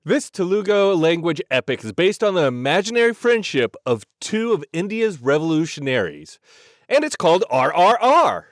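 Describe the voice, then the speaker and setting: A man co-hosting a podcast in casual chat, upbeat and laughing a lot, with a game-show-like pitch. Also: sing-song, normal speed, no room sound, studio quality. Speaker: podcast co-host.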